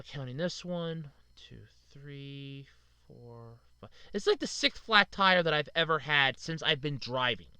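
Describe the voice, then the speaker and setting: A man's voice: a little high, bright, forceful tone, dry recording. A man in his thirties hosting a casual solo podcast, venting in frustration and blaming himself, with lots of "uh". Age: 30s. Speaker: podcast host.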